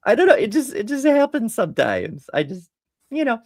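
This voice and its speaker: A woman's voice: on the high side, big pitch swings, fairly quick, no echo, studio quality. A woman hosting a casual live stream, telling a story in a rambling way, often breaking off mid-sentence and laughing.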